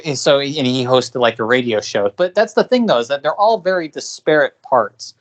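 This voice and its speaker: Rambling man co-hosting a podcast. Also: medium pitch. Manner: rambling, filler-heavy, frequent restarts. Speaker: podcast co-host. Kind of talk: casual podcast discussion.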